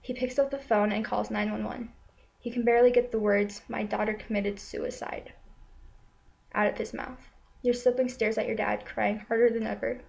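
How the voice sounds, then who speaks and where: Solemn woman narrating with a flat voice. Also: fairly high pitch, vocal fry, low-quality recording. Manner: slow, solemn and steady, with repeated refrains. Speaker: storyteller. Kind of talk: spoken second-person narration.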